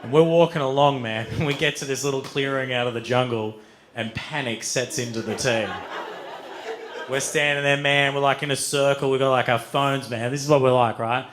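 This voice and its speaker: Animated, swearing stand-up comedian. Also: male voice, medium pitch, normal speed, crowd noise. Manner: animated, swears freely, acts out voices with loud outbursts. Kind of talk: stand-up storytelling. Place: comedy venue stage with audience.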